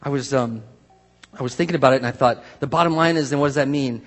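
Guy preaching, chatty and lively, husky edge, big echoey hall. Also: medium pitch, quick pace, faint music behind. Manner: conversational, animated, acts out quoted voices. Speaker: pastor. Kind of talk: sermon. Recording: long hall reverb.

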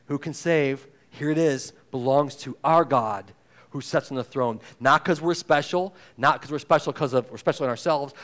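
A man preaching a sermon in a conversational way, acting out quoted voices and moving between loud emphasis and hushed intensity. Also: medium pitch. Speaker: pastor.

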